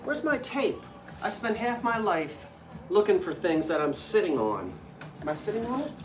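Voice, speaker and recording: Brief: talkative antique-seller host, casual chatter, echoey room, music faint behind. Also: female voice, lowish voice, normal speed, recorded from a distance. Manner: chatty, animated storytelling. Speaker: live-stream host selling antiques. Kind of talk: casual chat.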